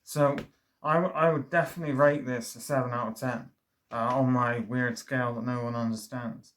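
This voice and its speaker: A man's voice: mid-range voice, fairly even intonation, moderate pace, fairly bright tone. Rambling, enthusiastic man. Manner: enthusiastic, rambling with many fillers and restarts. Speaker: vinyl record reviewer. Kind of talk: casual review monologue.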